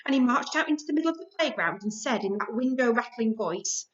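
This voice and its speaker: A woman reading a children's book aloud in a lively storytelling manner. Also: fairly high pitch, brisk, hardly any pauses. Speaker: story reader. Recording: dull lo-fi recording.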